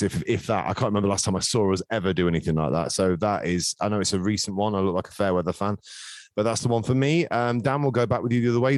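A man hosting a casual football podcast, jokey and quick to swear. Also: low-pitched, no echo, clean studio sound. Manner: brisk, jokey, swears freely. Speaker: podcast host.

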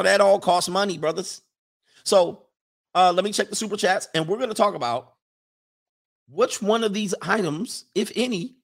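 A man hosting a livestream gives viewers a casual advice monologue, lecturing in an emphatic, preachy, mocking way and rattling off long lists. His voice is high and a bit bright, with vocal fry.

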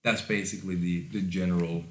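A man's voice: deep voice, fairly even intonation, brisk. A man co-hosting a casual podcast, giving advice emphatically and swearing now and then. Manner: emphatic, swears, stresses words. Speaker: podcast co-host. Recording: roomy echoey room.

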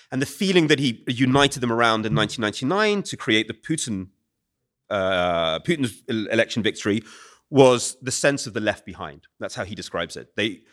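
British man, author guest, fast animated talk, lively pitch, lowish voice. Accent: British English. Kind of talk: conversational podcast interview. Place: room with a live audience.

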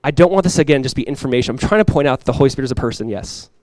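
A male pastor in his thirties preaching a conversational, animated sermon with quick asides. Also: medium pitch, no room sound.

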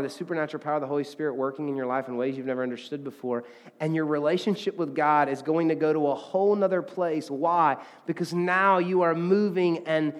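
A fairly high-voiced man preaches to his congregation in an earnest, conversational way, often restarting sentences and slipping into little acted-out quotes. His voice rings out with a long hall reverb, as in a church sanctuary. He sounds like a pastor talking straight to his people. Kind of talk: sermon.

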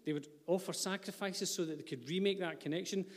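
A man delivers a sermon with a voice pitched a little above most men's. He preaches earnestly, slipping in light asides to the congregation. His words ring out with a long hall echo. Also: a little fast. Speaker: pastor. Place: church hall.

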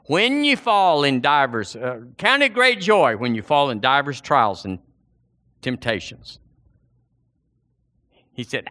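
Folksy preacher in his sixties. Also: a little high. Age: 60s. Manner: folksy and animated, acting out dialogue. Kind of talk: sermon.

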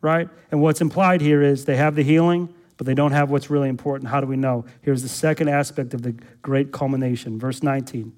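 A man's voice: medium pitch, warm tone. A man pastor preaching an expository sermon, emphatic, repeating words and putting rhetorical questions to the congregation.

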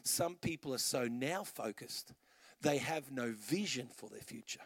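A man's voice: medium pitch, lively intonation, a little slow, a bit bright, husky, no room sound, clean studio sound. A middle-aged Australian man preaching a sermon as pastor, telling stories in punchy, conversational phrases.

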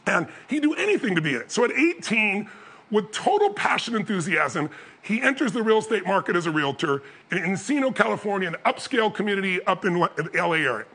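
A man telling a story as a motivational speaker, acting out the other people's voices and building up to loud peaks. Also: high voice, very animated, quick pace, husky. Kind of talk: storytelling talk.

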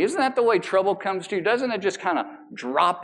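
A man preaching a sermon as a pastor, emphatic and animated. He drags out key words for emphasis and slips in casual, joking asides. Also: high voice, brisk, few pauses. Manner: casual asides and self-deprecating humor.

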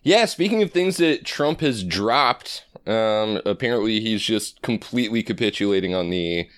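Podcast host, man, low voice, dry close sound, casual political chat, laughs a lot. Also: expressive, moderate pace, smooth, dry recording. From Iowa. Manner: laughing often, loose and joking.

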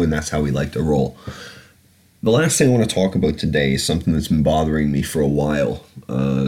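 A man hosting a podcast, ranting bluntly and swearing often, with plenty of ums and restarts. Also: very deep voice. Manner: blunt, sweary, animated ranting with frequent fillers. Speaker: podcast host. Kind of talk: casual solo podcast rant.

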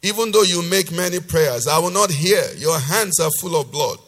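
A male pastor preaching a sermon, reading scripture loudly with force and then explaining it in a lower, conversational voice. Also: lively intonation, moderate pace, faint music behind. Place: church hall. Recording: long reverb of a church hall.

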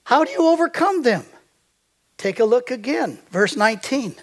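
A man's voice: extremely high pitch, sing-song, normal speed. An older man preaching a sermon as a pastor. He tells stories and quizzes the congregation with fill-in-the-blank questions.

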